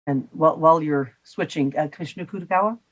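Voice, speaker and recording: A woman chairing a public commission meeting, polite and measured, with frequent fillers. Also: sits low.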